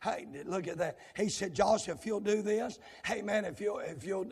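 Man, high voice, gravelly, husky, shouting revival preacher, sing-song runs, long church-hall echo. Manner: swings between hollered, sing-song runs and low, rapid asides to the congregation.

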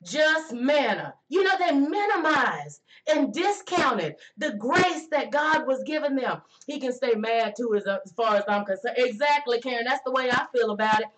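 High-voiced woman preaching a folksy sermon. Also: lively intonation, a bit bright, low-quality recording. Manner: folksy, call-and-response, drawn-out emphasis.

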